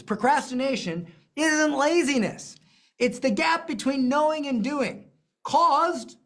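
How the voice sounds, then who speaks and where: A business coach teaching a live lesson, emphatic and animated, with self-deprecating asides and repeated phrases. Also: high voice.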